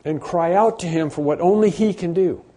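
A man preaching an unscripted sermon, often restarting his sentences and rising and growing louder on his emphatic points. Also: high-pitched, moderate pace. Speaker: pastor.

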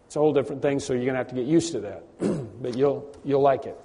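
A man preaching a conversational sermon, often clearing his throat and repeating words. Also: mid-range voice, fast, dark tone. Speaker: pastor. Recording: long hall reverb.

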